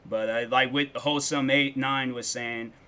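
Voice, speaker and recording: A man's voice: mid-range voice, steady tone, unhurried, bright, forceful tone, clear, resonant tone. A man in his twenties chatting casually with viewers on a livestream, rambling and loose, with lots of filler words. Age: 20s. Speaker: streamer.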